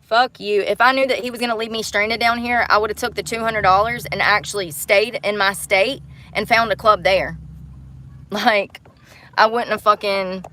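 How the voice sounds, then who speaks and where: A woman's voice: mid-range voice, pushed and bright. A woman hosting a livestream, talking bluntly and angrily to her viewers, with plenty of cursing. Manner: blunt, heated and profane, talks straight to viewers. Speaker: livestream host. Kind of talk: angry livestream rant.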